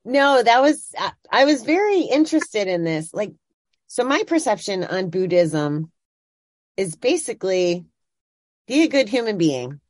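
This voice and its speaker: A woman's voice: medium pitch, sing-song, measured pace, no room sound. A woman interviewer in casual chat, engaged and responsive.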